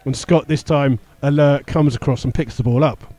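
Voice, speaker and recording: A man's voice: medium pitch, steady tone, normal speed, warm tone. A man giving live radio commentary on a football match, rattling off play-by-play with the odd filler and chuckle. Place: stadium commentary position.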